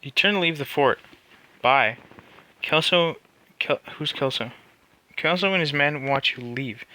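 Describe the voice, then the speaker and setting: A man's voice: fairly high pitch, a little slow, long pauses, bright, forceful tone, no room sound. A man streaming live, reading a text adventure aloud and answering it with cocky, joking banter.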